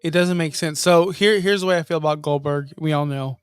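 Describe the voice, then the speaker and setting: A man's voice: fairly high pitch, fairly quick, clear, resonant tone, no room sound. A man co-hosting a casual wrestling podcast over a video call, blunt and dismissive in his opinions. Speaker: podcast co-host.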